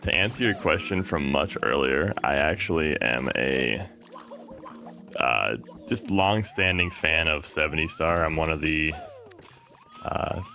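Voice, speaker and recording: A man's voice: rumbling low, animated, a little slow, bright, forceful tone, soft background music. A man commentating a live speedrun stream from a booth, easygoing and supportive in banter.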